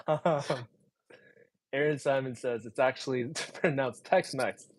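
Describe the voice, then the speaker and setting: A man's voice: mid-range voice, takes it slowly, no echo. A man appearing as a guest on a livestream, chatting casually in a playful, teasing way and laughing often.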